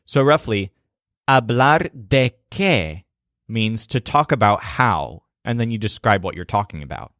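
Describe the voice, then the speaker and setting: A man narrating a language lesson in a clear, explanatory way. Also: on the low side, expressive, unhurried, a bit bright, no room sound, studio quality. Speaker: language teacher.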